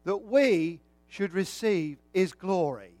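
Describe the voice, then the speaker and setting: A man's voice: sits high, animated, takes it slowly, darkish tone, no room sound. A man preaching a sermon with a folksy, joking way of telling stories.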